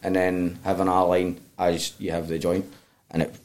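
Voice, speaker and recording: Low-voiced sweary Glaswegian man. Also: completely flat delivery, normal speed, a little mellow. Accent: Glasgow Scottish. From Glasgow, Scotland. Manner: blunt and sweary, tumbling storytelling with restarts. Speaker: guest. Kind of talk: candid storytelling in a podcast interview.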